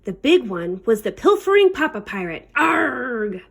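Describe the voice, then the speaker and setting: A woman librarian reads a children's picture book aloud in a high, animated voice. She leans into playful pirate talk, and her pitch rises and falls widely with the story. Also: normal speed.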